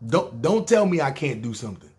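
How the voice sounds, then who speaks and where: A man's voice: medium pitch, big pitch swings, fairly quick, a little mellow. A man with a New York accent telling a long personal story in a casual, profane, streetwise way, acting out other people's lines. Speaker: storyteller, podcast host.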